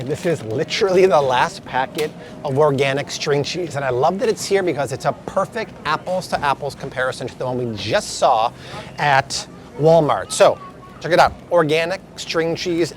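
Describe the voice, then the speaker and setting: A man's voice: a little high, normal speed, a little hiss or hum. A man vlogging his way through supermarket aisles, emphatically comparing prices in an upbeat tone. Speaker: grocery vlogger. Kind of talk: store walkthrough vlog.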